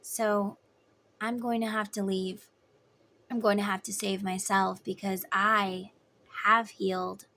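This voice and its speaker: A woman's voice: mid-range voice, gravelly, fairly bright tone. A woman giving a casual tarot reading, talking in an emphatic, chatty way. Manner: emphatic, chatty, acts out voices in quotes. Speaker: tarot reader.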